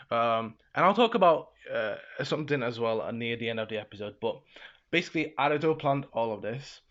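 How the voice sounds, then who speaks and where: A man's voice: mid-range voice, fairly bright tone. A young man casually recapping an episode in a rambling way, full of fillers and laughs. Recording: slightly dull lo-fi sound.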